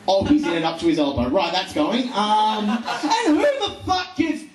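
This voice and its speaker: A man's voice: sits high, very animated, moderate pace, slight background noise. A man in his twenties doing profane, rambling stand-up full of ums and uhs, live in a comedy venue with an audience. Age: 20s. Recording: echoey room, distant mic, crowd.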